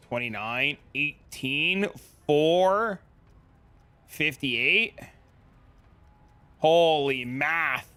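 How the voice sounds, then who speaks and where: A young man streams a game, chatting loosely with his viewers in slangy, casual live-stream talk. His voice sits in the mid range, bright with a forceful tone.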